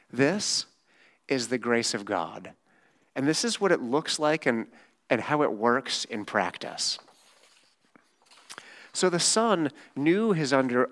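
A man's voice: mid-range voice, a bit bright. A man preaching a sermon in a casual, conversational way. He is emphatic and often checks in with rhetorical questions.

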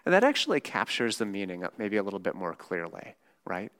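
A man's voice: fairly low pitch, big pitch swings, fairly quick, fairly bright tone. A man preaching a sermon in a casual, conversational way. He is emphatic and often checks in with rhetorical questions.

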